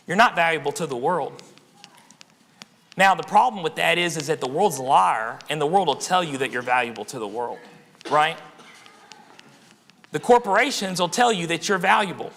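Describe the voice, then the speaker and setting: A man's voice: fairly high pitch, gravelly, fairly bright tone. A young man preaching a conversational sermon in church, often checking in with the congregation. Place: church sanctuary. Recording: reverberant church hall.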